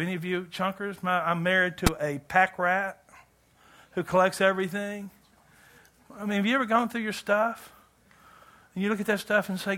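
Animated, bright-voiced male preacher. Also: high-pitched. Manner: animated, joking, swings between loud and hushed. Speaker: pastor. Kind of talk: sermon.

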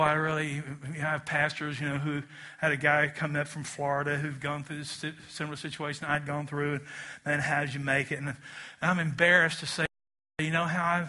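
A male pastor preaches to a congregation in church. His voice sits high and rings bright and forceful. He delivers the sermon with animated swings and pulls the crowd into call-and-response.

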